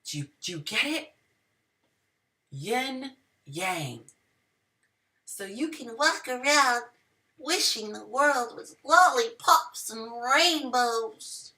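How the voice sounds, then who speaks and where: A woman's voice: sing-song, takes it slowly, pauses often, bright, forceful tone, distant mic. A young adult woman hosting a dating and relationship advice show, talking to viewers in a dramatic, sassy way and acting out what people say. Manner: dramatic, sassy, acts out quotes with big pitch swings. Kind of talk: animated monologue to viewers.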